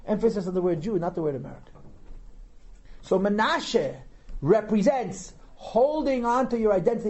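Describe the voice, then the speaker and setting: A man teaching as a rabbi lectures on a Torah text, reading and translating it line by line and posing rhetorical questions. His voice sits high with a darkish tone, and the recording is rough.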